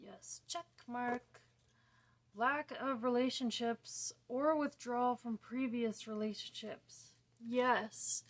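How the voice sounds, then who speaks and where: Young woman vlogger, slightly high voice, unhurried delivery that fades out at the ends of sentences. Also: steady tone. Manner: slow, soft-spoken, often trailing off quietly. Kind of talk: casual talk to camera about her own condition.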